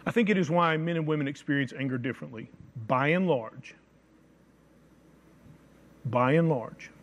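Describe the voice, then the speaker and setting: Guy preaching, pretty high voice, leans hard on the big words. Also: muffled recording. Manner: emphatic, slows to stress scripture phrases. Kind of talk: sermon.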